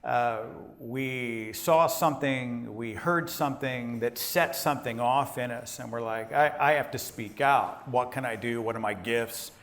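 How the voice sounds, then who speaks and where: Relaxed man hosting a live show. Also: medium pitch, unhurried, few pauses. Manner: relaxed, chatty, with fillers. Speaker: host introducing a guest. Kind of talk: casual stage introduction. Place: live stage before an audience.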